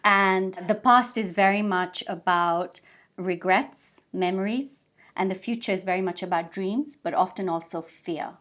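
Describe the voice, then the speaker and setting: Woman guest in a studio, middle pitch, patient teacher vibe, lots of everyday examples. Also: a little slow, a bit bright. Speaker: guest mindfulness expert. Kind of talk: explanatory interview talk.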